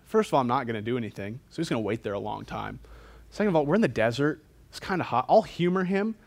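A man's voice: medium pitch, lively intonation, fast talker, gravelly. A man voicing a wry, offhand deity. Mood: sardonic. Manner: offhand, sarcastic, casual.

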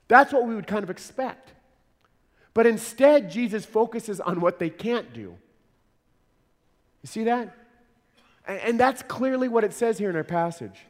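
A man delivers a sermon in an earnest, conversational way, doubling words as he works through a passage. His voice sits a little high for a man. The sound rings with the long reverb of a large church hall. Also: lively intonation, unhurried. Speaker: pastor.

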